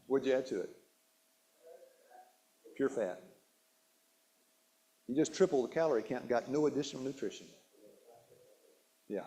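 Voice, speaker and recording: A man's voice: mid-range voice, animated, unhurried, long pauses, warm tone. A man presenting a nutrition talk at a church hall, quizzing his audience with questions, repeating key words and often restarting sentences. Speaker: health seminar presenter.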